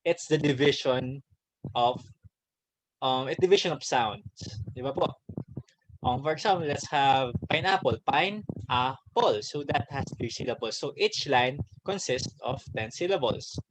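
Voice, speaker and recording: A Filipino man with a Filipino accent, a teacher giving a casual online lesson, talking directly to his students in halting phrases with many restarts. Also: medium pitch, noisy background. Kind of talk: online class lesson, mixing English and Bisaya.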